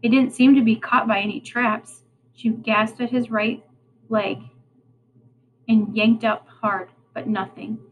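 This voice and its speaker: A woman's voice: fairly high pitch, slow, a little hiss or hum, low-quality recording. A woman reading a storybook aloud to children with expression, stopping to ask them questions. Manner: expressive, prompting listeners to think.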